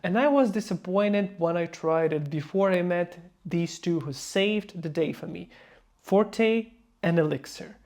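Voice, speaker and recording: A man speaking non-native English in a casual review vlog, emphatic and playfully mocking, slipping into quick mock voices. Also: high voice, a little mellow. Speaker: fragrance reviewer.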